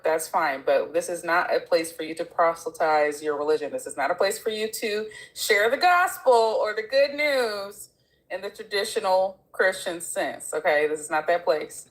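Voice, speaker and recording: A woman's voice: on the low side, poor audio. A woman co-hosting a live-stream chat, firmly laying down the ground rules for the listeners.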